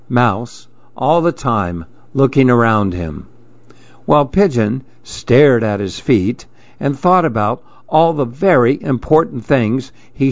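A man reading a children's picture book aloud at an unhurried pace, calm and measured. His voice sits at an ordinary middle pitch. The recording is dry and slightly dull. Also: no room sound. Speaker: storyteller. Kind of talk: storybook read-aloud.

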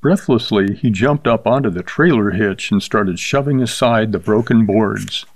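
A man's voice: lowish voice, normal speed, dry recording. Man narrating in a dry, close recording. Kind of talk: scripted story narration.

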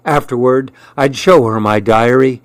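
A man narrating a first-person story as an audiobook, with measured storytelling. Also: medium pitch, dry recording.

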